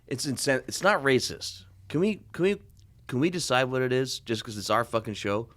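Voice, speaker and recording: A man co-hosting a podcast in loose, joking chat, swearing freely as he goes. His voice sits at an ordinary middle pitch and is recorded close and dry, with faint music underneath. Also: normal speed, fairly bright tone, dry recording. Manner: joking, swears freely, puts on silly accents. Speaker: podcast co-host. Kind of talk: casual chat.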